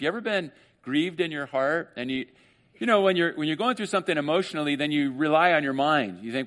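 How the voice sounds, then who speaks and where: A man's voice: on the high side, lively intonation, fairly quick, fairly bright tone. A man preaching a sermon as pastor, conversational, with joking asides to the congregation.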